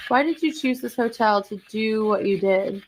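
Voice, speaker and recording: A woman's voice: fairly high pitch, normal speed, a little hiss or hum, poor audio. A woman investigating the paranormal in a hotel, asking a spirit questions and reacting with gasps and emotion. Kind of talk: live ghost-hunt commentary. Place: hotel, indoors.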